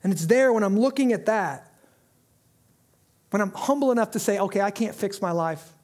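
A man preaching with a strikingly high voice. He moves between fervent, raised appeals and hushed, earnest passages. He delivers a sermon as a pastor. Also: animated, moderate pace. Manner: impassioned preaching with sudden drops to quiet intensity.

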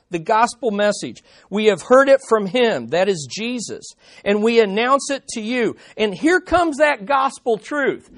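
A man preaching a sermon as pastor, emphatic, repeating key phrases and slowing down on the main points. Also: sits high, fairly bright tone. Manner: slows down on key statements.

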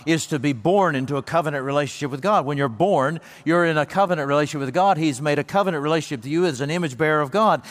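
A man preaching a sermon as pastor, earnest and emphatic, slowing down and lifting his voice for the words he quotes. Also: a little high, long reverb tail.

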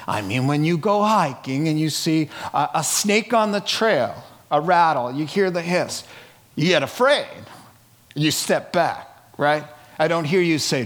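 A middle-aged man preaches in a slow, deliberate cadence, his voice sitting a little high for a man. He drops to near-whispers, then rises into loud, laughing outbursts as he drives his points home. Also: lively intonation. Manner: dramatic swings from hushed to loud, with bursts of laughter. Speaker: pastor. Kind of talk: sermon.

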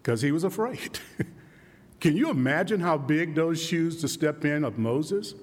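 Man, pastor, sermon, rhetorical questions, fairly high voice, reverberant hall. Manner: animated preaching, rhetorical questions, drops low and slow for quoted lines.

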